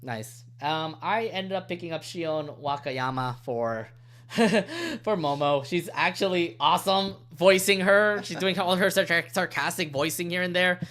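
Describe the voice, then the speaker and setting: A man hosting a podcast in casual chat, animated and laughing often, stumbling over titles. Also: high voice, a little slow. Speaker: podcast host.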